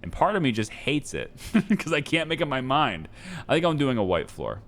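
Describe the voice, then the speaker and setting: A man's voice: medium pitch, sing-song, normal speed, fairly bright tone. A man giving casual gameplay commentary, rambling, indecisive and poking fun at himself as he decorates. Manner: rambling, indecisive, self-mocking. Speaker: gameplay streamer.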